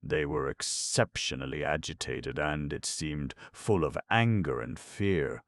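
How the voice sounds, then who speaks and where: A man narrating an audiobook in a measured, expressive storytelling voice. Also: extremely low pitch, no echo, studio quality. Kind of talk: scripted narration.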